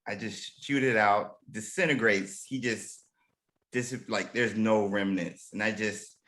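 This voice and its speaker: A man playing a tabletop game, excitable and quick to laugh. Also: fairly low pitch. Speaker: player. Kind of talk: casual tabletop game play.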